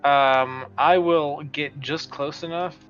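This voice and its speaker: A man talks through his moves as a tabletop game player, easygoing and thinking out loud. The sound is dull and lo-fi, with faint music behind him. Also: fairly high pitch, fairly even intonation, takes it slowly. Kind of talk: casual tabletop game play.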